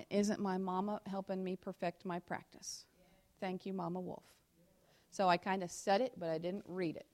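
A woman's voice: fairly even intonation, normal speed, gravelly. Emphatic woman teaching a sermon. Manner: swings between loud emphatic scripture reading and low confiding asides; talks straight to the congregation with questions. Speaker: church teacher in ministry with her pastor husband. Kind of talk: conversational sermon teaching from scripture. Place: in front of a church congregation.

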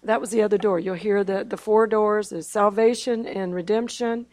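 A woman's voice: mid-range voice, steady tone, normal speed, a little mellow, no echo. A middle-aged woman preaching an emphatic testimony sermon, often asking her congregation for an amen. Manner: emphatic, calls for amens.

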